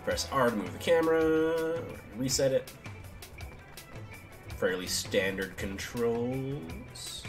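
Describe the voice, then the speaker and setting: A man's voice: mid-range voice, expressive, slow pace, long pauses, faint music behind. A man giving casual let's play commentary, chatty and reading tutorial text aloud. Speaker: gaming streamer.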